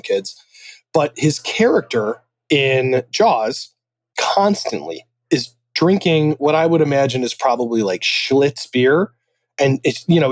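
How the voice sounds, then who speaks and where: A man's voice: mid-range voice, no echo. Dry-sounding male podcast host. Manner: animated storyteller, laughs often. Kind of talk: casual chat.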